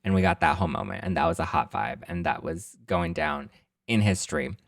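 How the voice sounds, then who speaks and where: A man's voice: rumbling low, expressive, brisk, vocal fry, no echo, clean studio sound. A young man hosting a podcast, chatting casually about reality TV gossip and acting out the quotes in campy mimicking voices. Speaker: podcast host recapping a book.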